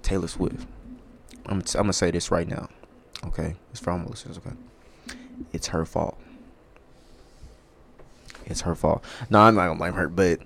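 A man's voice: deep voice, moderate pace, gravelly, pauses often. A young man hosting a sports podcast, ranting in a casual, profane, rambling way.

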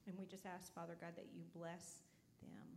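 A woman's voice: fairly low pitch, flat delivery, normal speed, creaky, darkish tone. A woman leading an offering prayer in church, speaking steadily and often repeating "Father God" and "Lord Jesus". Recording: faint background noise.

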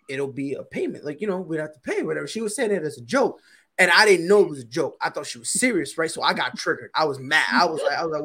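A man's voice: on the high side, a bit bright, breathy edge. A man co-hosting a podcast, telling a story in a casual, slangy way and often repeating himself. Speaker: podcast co-host.

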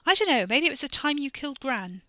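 Woman doing a snappy high girl. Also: sing-song, normal speed, sharp tone, no echo, studio quality. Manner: snappy, exasperated. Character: sharp-tongued energetic young woman.

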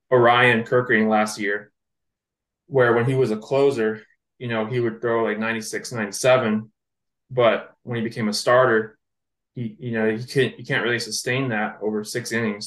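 Male podcast co-host, mid-pitch, easygoing, thinks out loud; room echo. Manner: relaxed, thinking aloud with fillers. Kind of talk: casual sports podcast chat.

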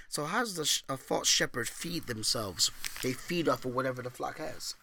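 A man preaching a sermon as pastor, booming out scripture readings and dropping to quiet conversational asides, asking for amens. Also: animated, moderate pace, vocal fry, no echo.

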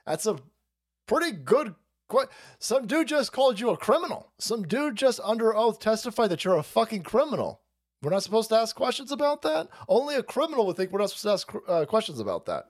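A man's voice: high-pitched, big pitch swings, brisk. A man hosting a live stream, reacting to news clips with mocking, profane commentary and frequent laughter. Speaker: stream host.

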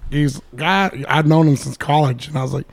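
A man's voice: on the high side, moderate pace, vocal fry. A man who coaches youth sports, chatting on a podcast and retelling stories in an easygoing way. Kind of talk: casual storytelling.

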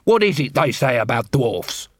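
A man's voice: medium pitch, sing-song, moderate pace, dry recording. A man doing a sarcastic dwarf watchman. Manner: dry, sarcastic. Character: sardonic male dwarf watchman.

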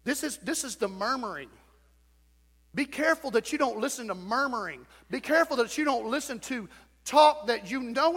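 A man's voice: very high-pitched, lively intonation, moderate pace, fairly bright tone. A male pastor delivering an emphatic sermon, repeating phrases and acting out quotes. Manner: emphatic preaching with repetition, acted-out quotes. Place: church sanctuary. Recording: long church reverb.

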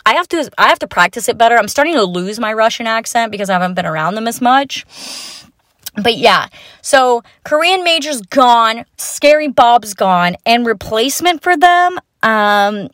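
A woman in her twenties hosting a podcast, telling stories from her college years in a chatty, self-mocking way with casual swearing and quick asides. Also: a little high, sing-song, a bit bright, dry recording, clean studio sound. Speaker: podcast host. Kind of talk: unscripted storytelling monologue.

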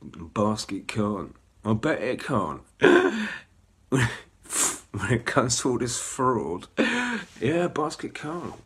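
A man's voice: mid-range voice, big pitch swings, extremely slow, fairly bright tone, breathy edge. A man, giving a rambling, ranting webcast monologue full of filler runs and chuckles. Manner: chuckles between phrases. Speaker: webcast host.

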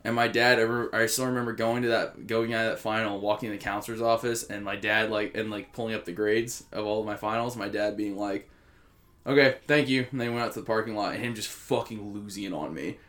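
A man's voice: fairly low pitch, fairly even intonation, fast, hardly any pauses, a bit bright. A young man co-hosting a podcast, telling stories from his teens in a rambling, profane, self-mocking way. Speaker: podcast co-host. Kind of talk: casual chat.

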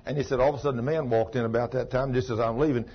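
Husky-voiced man preaching a sermon. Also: medium pitch, steady tone, rapid-fire. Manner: folksy, exclaims and retells dialogue. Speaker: pastor. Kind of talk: sermon with a retold story. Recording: muffled lo-fi sermon tape.

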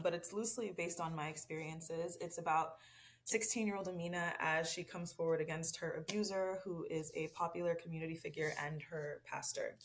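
A young woman speaks as a podcast guest, an author and poet in casual chat. Her voice sits a little low, and she talks earnestly, full of restarts and "like".

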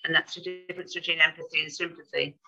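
An older woman speaking as a guest on a casual podcast, with a very bright, sharp tone. She explains things earnestly and gently, stopping now and then for a short filler. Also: low-pitched, level tone, fast, highs cut off. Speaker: retired pastoral assistant, guest.

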